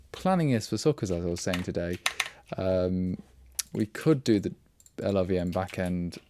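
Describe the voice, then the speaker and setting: A man's voice: fairly low pitch, mellow. A man hosting a casual programming livestream, rambling and wry, often breaking off mid-word and restarting. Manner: rambling, self-interrupting, wry. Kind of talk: casual live coding chat.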